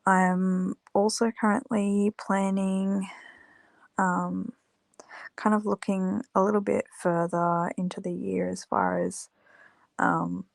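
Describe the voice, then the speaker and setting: A woman's voice: mid-range voice, gravelly, no echo. A tired woman vlogging casually about her candle business, rambling with lots of fillers. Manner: rambling, many fillers, unhurried. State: tired, yawning. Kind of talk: casual chat to camera.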